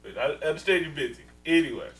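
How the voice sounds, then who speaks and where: A man co-hosting a podcast, casually recapping a movie, loud, swearing freely and acting out scenes, laughing often. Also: fairly high pitch, lively intonation, fast, echoey room, distant mic, low-quality recording. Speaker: podcast co-host.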